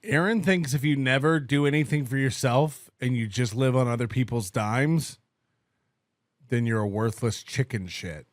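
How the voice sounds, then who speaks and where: A man's voice: medium pitch, moderate pace, no echo, clean studio sound. A man co-hosting a podcast, talking in a sarcastic, mocking way and laughing often. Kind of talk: casual podcast commentary.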